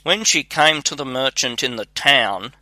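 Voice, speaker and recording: A man reads a fairy tale aloud at a slow, measured pace. His tone is very bright and forward. The sound is dry and close to the mic. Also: mid-range voice, no room sound. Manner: measured, even read-aloud delivery. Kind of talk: storybook narration.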